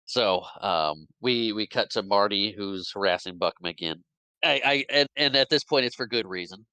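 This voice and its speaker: A man co-hosting a podcast, recapping movie scenes in casual chat, acting out the characters' lines in quick quoted bits and laughing often. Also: on the low side, bright, forceful tone, clear, resonant tone, no echo, poor audio. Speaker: podcast co-host.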